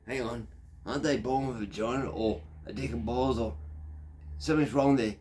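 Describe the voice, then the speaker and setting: A man's voice: mid-range voice, steady tone, moderate pace, darkish tone. Man in his fifties, Australian accent, crude, rambling, digressive. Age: 50s. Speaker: factory worker. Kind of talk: rambling monologue.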